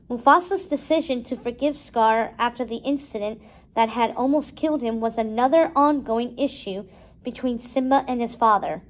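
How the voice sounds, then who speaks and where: A woman reading a storybook aloud with steady, expressive narration. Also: high-pitched, rough recording. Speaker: storybook reader.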